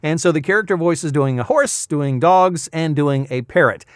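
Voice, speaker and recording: A man's voice: on the high side, moderate pace, no echo, clean studio sound. A man in his fifties, a voice-over artist chatting in a rambling casual vlog recap with many fillers. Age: 50s.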